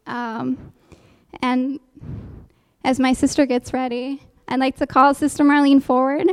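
Speaking to a congregation as a church speaker, a woman gives a heartfelt testimony in sermon form, including a recited poem and calls for amens. Her voice is high, smooth and unhurried, with little pitch movement and no echo.

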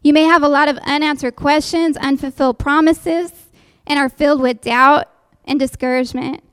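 A woman's voice: high-pitched, fairly even intonation, normal speed, fairly bright tone, no room sound. A woman giving an earnest sermon-style testimony to a congregation, calling out for amens. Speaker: church speaker giving a testimony. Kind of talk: sermon with a recited poem.

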